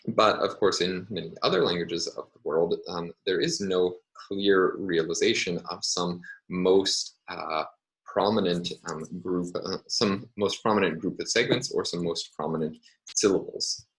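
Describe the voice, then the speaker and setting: Very deep-voiced male lecturer, halting. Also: fairly bright tone, poor audio. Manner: measured, hesitant with frequent fillers. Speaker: university lecturer. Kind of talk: recorded university lecture.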